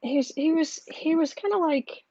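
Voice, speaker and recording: A woman hosting a tarot livestream in casual chat, thinking aloud slowly with many fillers and restarts. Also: high-pitched, expressive, dark tone, no echo, lo-fi sound.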